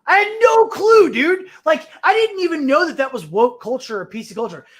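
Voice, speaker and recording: Animated, high-voiced man telling a profane story. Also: normal speed. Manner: profane, animated, acts out the other people in his stories. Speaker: guest on a call-in talk show. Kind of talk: casual storytelling chat.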